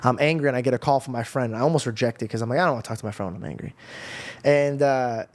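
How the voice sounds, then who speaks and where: A man's voice: mid-range voice, rapid-fire, no echo. A young man telling an emotional personal testimony on a podcast, talking casually with slang. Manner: casual, animated storytelling with slang. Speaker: podcast guest.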